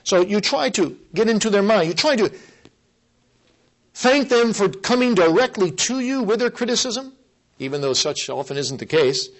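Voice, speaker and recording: A man preaching a sermon, earnest and emphatic, repeating key phrases and slowing down to stress them. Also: sits high, animated, low-quality recording.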